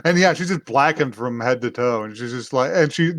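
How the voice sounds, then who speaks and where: A man at a mid-range pitch retells a story in a loose, meandering way, with frequent fillers and little restarts. He dips into quick impressions of the characters as he goes. The sound is dry and close, with no room around it. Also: fairly bright tone, no echo. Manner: rambling retelling with many fillers, acting out quoted lines. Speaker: podcast co-host. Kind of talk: casual episode recap.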